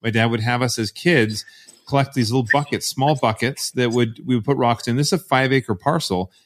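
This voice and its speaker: A man's voice: mid-range voice, brisk. A man from Canada, a podcast guest telling rambling stories with frequent restarts. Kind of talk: casual interview storytelling.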